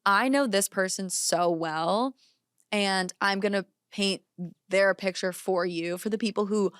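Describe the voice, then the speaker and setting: A woman chatting as a podcast guest, giving wedding speech tips in a loose, filler-heavy, animated way. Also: mid-range voice, smooth, no echo, studio quality. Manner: chatty, quick asides, many fillers. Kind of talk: casual chat. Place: studio.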